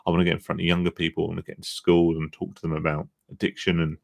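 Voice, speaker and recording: A man with a very low, gravelly voice chats on a live stream. He sounds tired and talks loosely and frankly, with casual swearing. The sound is close and dry. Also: completely flat delivery, rapid-fire, dry recording. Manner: chatty, self-deprecating, swears casually. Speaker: live-stream host on gambling recovery. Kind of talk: casual live-stream chat reading viewer comments.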